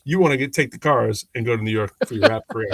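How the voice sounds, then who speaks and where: A man's voice: mid-range voice, fast talker, gravelly, husky, no echo. A man co-hosting a talk show, speaking in casual, rambling storytelling with many restarts and acting out other people's lines in shifting voices. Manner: animated, acts out quoted people in changing voices; rambling with frequent restarts and fillers. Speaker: podcast co-host.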